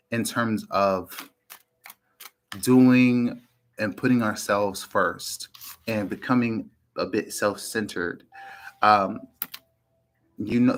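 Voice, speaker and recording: A man giving a casual tarot reading, meandering with frequent ums and restarts and often clearing his throat. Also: on the low side, poor audio. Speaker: tarot reader.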